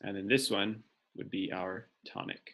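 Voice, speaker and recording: A man's voice: fairly low pitch, moderate pace, gravelly, a bit bright. A man giving a step-by-step lecture, thinking aloud as he writes on a board. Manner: explanatory, thinks aloud while writing on a board. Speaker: teacher. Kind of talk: classroom lecture.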